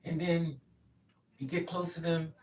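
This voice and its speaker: A woman's voice: on the low side, fairly even intonation, measured pace, darkish tone, far from the mic, a little hiss or hum. A grieving mother giving an impassioned, repetitive spoken monologue. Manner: impassioned, repetitive, acts out pleading quotes.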